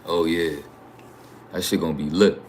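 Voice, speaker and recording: This young YouTube livestreamer speaks in a low, darkish voice with a steady tone at normal speed. He has a New York accent and brags casually to his viewers, packing his talk with slang and cursing.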